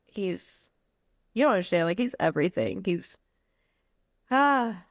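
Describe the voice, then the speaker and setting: A woman's voice: on the low side, big pitch swings, unhurried, no echo. Woman guest from the U.S. Virgin Islands, candid and heartfelt, casual slang, dry close sound. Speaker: podcast guest. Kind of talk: candid personal conversation.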